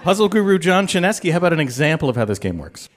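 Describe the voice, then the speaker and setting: A man's voice: on the high side, sing-song, very fast, a faint crowd. A man acting as house musician and co-host on a live game show, explaining rules with jokey asides.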